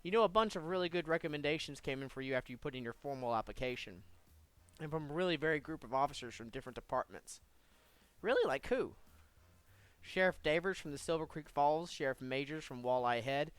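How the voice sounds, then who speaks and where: A man reading a small-town police captain's lines from a game aloud, in a casual, flat way. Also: fairly high pitch, a little fast, clean tone, no room sound, close to an everyday voice.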